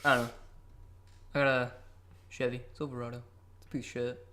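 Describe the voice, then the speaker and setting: A man's voice: mid-range voice, little pitch movement, fairly quick, bright, forceful tone, a little hiss or hum. A nineteen-year-old man co-hosting a casual podcast, rambling and swearing a lot. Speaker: podcast co-host. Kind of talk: casual joking chat.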